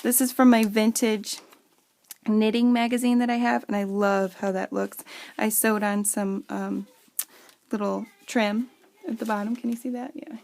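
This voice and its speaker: At home, a craft seller in a casual show-and-tell vlog shows off handmade journals and other pieces she's made. Her voice is mid-range, gravelly and darkish, with fairly even intonation and an unhurried pace, and she chats and gushes to "you guys."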